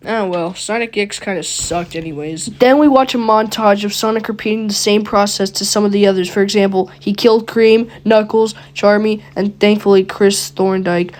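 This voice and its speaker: A woman's voice: medium pitch, steady tone, moderate pace, few pauses, darkish tone. A woman reading a creepypasta casually, giggling and breaking off to comment on the story. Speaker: creepypasta narrator.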